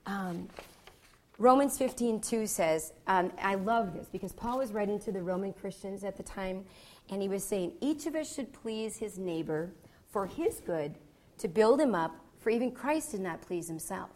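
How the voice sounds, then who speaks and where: A woman's voice: mid-range voice, animated, normal speed, darkish tone. A woman speaking to married couples at a seminar. She is gregarious and a bit goofy, and she keeps checking in with the audience by asking "okay?". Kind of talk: teaching talk to married couples.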